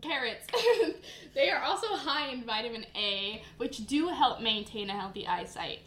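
Young female co-host; bright, animated, fact-sharing voice, roomy echo with faint noise. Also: fairly high pitch, measured pace. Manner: chatty and laughing, explains facts plainly. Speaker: podcast co-host. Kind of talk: casual chat, reading facts. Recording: echoey room with faint noise.

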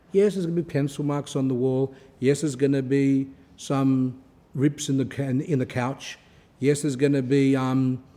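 A man's voice: mid-range voice, dark tone, big-room sound. A man giving an informal religious talk in a conversational way, repeating key words for emphasis and telling everyday stories.

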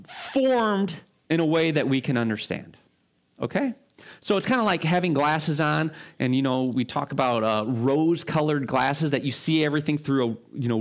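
A man preaching a sermon as a pastor, informal and loose, often checking in with listeners. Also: mid-range voice. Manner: informal, frequent fillers and restarts, rhetorical check-ins. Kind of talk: conversational sermon.

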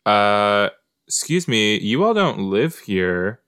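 A fairly low, smooth, slightly bright male voice with big pitch swings comes through slowly in clean studio sound with no room echo. The podcast host chats and muses casually while reacting to a show in front of him, speaking straight to the screen.

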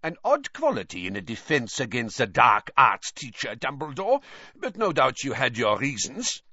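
Brief: man as a cold mocking wizard headmaster, raised pitch, dry. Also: huge pitch swings, moderate pace, sharp tone, husky, no room sound, exaggerated voice. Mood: sneering. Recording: dull, slightly lo-fi.

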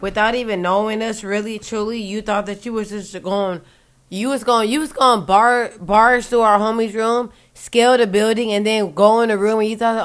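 A woman's voice: medium pitch, fairly even intonation, normal speed. A woman in casual conversation, retelling a story in an emphatic, profane way. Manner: emphatic, profane, repeats "literally".

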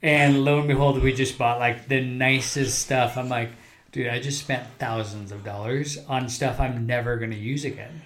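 Chill guy podcasting, average pitch, laughs a lot while he talks, says like constantly. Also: steady tone, normal speed, fairly bright tone, slight background noise. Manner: easygoing, laughs while talking, lots of "like". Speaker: podcast co-host. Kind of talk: casual chat.

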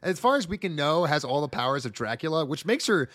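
A man co-hosting a casual movie discussion podcast, talking in an animated way and swearing freely. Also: on the high side, fast talker, dry recording. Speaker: podcast co-host.

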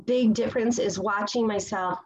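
This medium-pitched voice belongs to a woman in her forties speaking at a recovery meeting about her own experience. She gushes excitedly, occasionally halting to find a word, and the recording sounds rough.

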